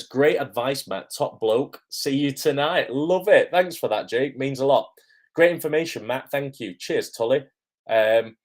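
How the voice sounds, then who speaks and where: A man, an acting coach answering viewers' questions on a live stream in a friendly, chatty way with frequent ums. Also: mid-range voice.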